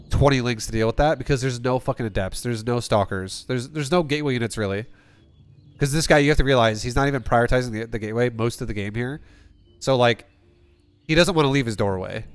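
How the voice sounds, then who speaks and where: Swearing often and starting sentences over, a man coaches a player through a StarCraft replay in a blunt, rambling, casual way. His voice is mid-range and clean in tone, with no room sound.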